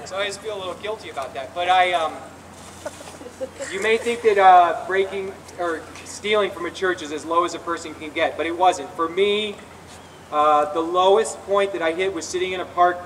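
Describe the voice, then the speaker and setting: A man's voice: high voice, moderate pace, fairly bright tone. A man giving an earnest, confessional personal testimony at an outdoor rally, often restarting his sentences. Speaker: speaker at a recovery rally. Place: outdoor rally in a public square. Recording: distant outdoor recording with faint ambience.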